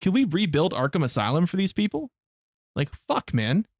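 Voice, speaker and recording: A man's voice: a little high, sing-song, moderate pace, no echo. A man streaming a game live, chatting casually with his viewers in blunt, heavily profane rants. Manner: blunt, profane ranting to chat.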